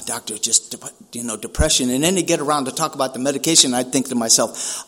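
A man's voice: on the high side, fast talker, a bit bright. A man from San Francisco giving a personal recovery talk, speaking casually with street slang, often saying "man" and acting out dialogue.

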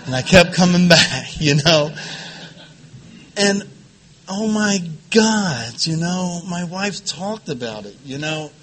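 Middle-aged man, high and tense timbre, quivering voice, emotional halting testimony at a support group. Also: animated, a bit bright. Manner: emotional, halting, repeats phrases, laughs between lines. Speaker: recovery meeting speaker.

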